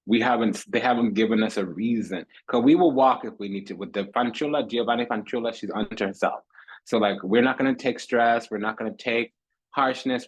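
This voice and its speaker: Husky-voiced sassy man reading tarot. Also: fairly low pitch, rough recording. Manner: sassy and theatrical, calls listeners honey, baby, darling; repeats phrases for emphasis. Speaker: tarot reader. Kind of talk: casual tarot reading monologue.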